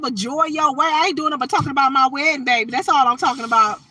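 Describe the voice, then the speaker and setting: A woman speaks in a casual, chatty livestream. Her voice sits a little high and comes across bright and forceful. The sound is dry and close, with no room around it. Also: quick pace, few pauses, no echo, rough recording. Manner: animated, chatty, shouts and laughs with viewers. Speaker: livestream host.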